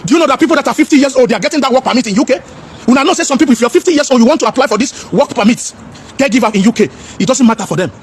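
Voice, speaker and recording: A man's voice: very high voice, rapid-fire, a little hiss or hum. A man in an impassioned, preachy monologue, asking rhetorical questions and slipping into pidgin.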